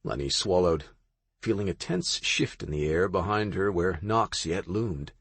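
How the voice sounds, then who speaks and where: Low husky male audiobook narrator. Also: moderate pace, no echo. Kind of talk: scripted romance novel narration.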